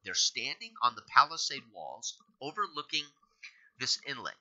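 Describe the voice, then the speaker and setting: A man's voice: mid-range voice, sing-song, moderate pace, bright, forceful tone. A man acting as game master, recapping a tabletop game session in rambling storytelling with many fillers. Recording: dull lo-fi recording.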